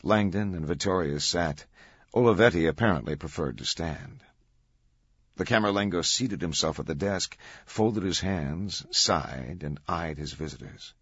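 Deep husky guy reading an audiobook, steady pace, dry dull-ish recording. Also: dry recording. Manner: measured, even storytelling. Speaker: audiobook narrator. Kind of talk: scripted narration.

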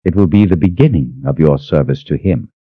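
A man voicing a cold, cruel woman sorceress who speaks with measured, mocking calm in an audiobook. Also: rumbling low, husky, no room sound, narrow, tinny audio, full character voice. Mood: cold menace.

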